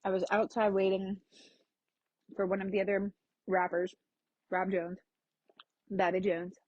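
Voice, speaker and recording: A woman's voice: mid-range voice, level tone, measured pace, no room sound, lo-fi sound. A woman hosting her own podcast, candidly telling a personal story in a frank, casual way that includes swearing. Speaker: podcast host.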